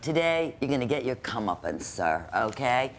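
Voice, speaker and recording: Deep lively woman judge, grilling ppl and scolding hard, faint rumble behind. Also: normal speed. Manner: stern, scolding, animated. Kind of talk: courtroom TV show.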